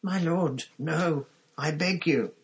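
A man's voice: fairly high pitch, slow pace, breathy edge, voice pushed up, heavily acted. A man voicing a cowering male servant who gasps and pleads in a raised, strained voice. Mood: pleading. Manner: gasping, pleading.

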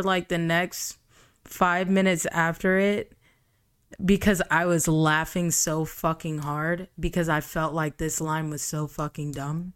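Profane, sarcastic young woman podcaster. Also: lowish voice. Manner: profane, exasperated, sarcastic commentary. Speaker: podcast host. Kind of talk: comedic book review reading aloud.

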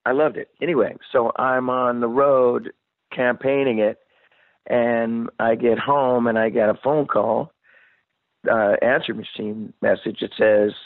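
A man's voice: mid-range voice, fairly even intonation, a little slow, dry recording. A rock singer in his sixties telling a story in a casual interview, rambling and cursing and acting out the voices of people he quotes. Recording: dry, phone-like narrow sound.

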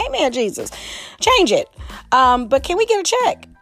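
Animated woman podcasting. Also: high voice, moderate pace, vocal fry. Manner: animated, exclamatory, chatty. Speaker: podcast host. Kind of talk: casual solo podcast commentary.

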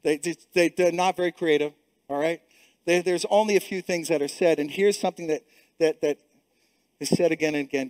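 High-voiced emphatic man preaching. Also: steady tone, a little fast, darkish tone, no echo. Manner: emphatic, repeats words, many restarts. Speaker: pastor. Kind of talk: sermon.

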